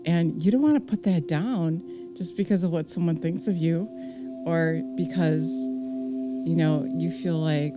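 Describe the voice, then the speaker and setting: A woman's voice: low-pitched, a little slow. Earnest woman preaching over singing-bowl music. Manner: earnest, conversational, many fillers. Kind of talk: casual sermon.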